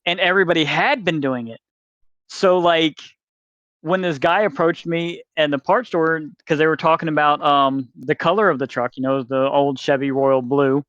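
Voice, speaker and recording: A man's voice: on the high side, moderate pace, a bit bright, no room sound, muffled recording. A man telling a rambling story as a podcast guest, swearing freely and acting out the people he quotes. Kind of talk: casual storytelling.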